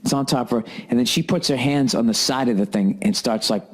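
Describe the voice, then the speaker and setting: Male comedian-host, profane animated storyteller, mid-pitched voice. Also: fairly quick.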